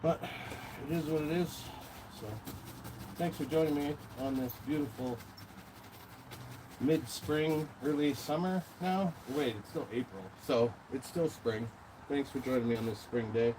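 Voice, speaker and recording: A man's voice: a little high, measured pace. A man from Minnesota hosting a casual live stream while painting, tired from the heat, rambling and swearing a lot. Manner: rambling and profane, lots of fillers and swearing. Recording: noisy background with passing vehicles.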